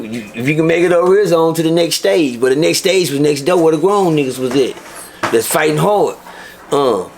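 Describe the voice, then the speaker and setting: A man with a Texan accent, telling stories as a guest in an interview with animated, profane delivery. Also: a little high. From Texas. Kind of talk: storytelling interview.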